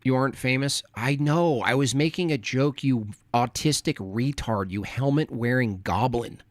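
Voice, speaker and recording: A man's voice: mid-range voice, a little slow, no room sound. A man streaming live, reading his chat aloud and answering it with sarcastic, combative mockery.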